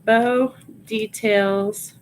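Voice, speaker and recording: A woman with a Long Island accent talks slowly and casually at home, half-muttering and reading out loud to herself while she works. Her voice sits in a middle range, with a faint hiss of noise in the background. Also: medium pitch, steady tone, poor audio. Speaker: reseller listing items live. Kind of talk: casual livestream chat while working.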